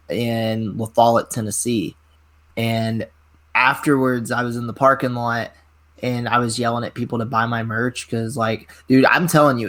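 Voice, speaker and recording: A man in his twenties, a pro wrestler guest telling rambling, animated stories in a casual interview, full of filler words. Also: medium pitch. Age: 20s.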